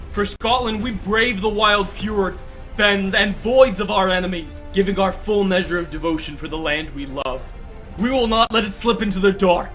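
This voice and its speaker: A man voicing a rousing high-voiced war commander. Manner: rallying, rising to shouts. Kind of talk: audio drama war speech.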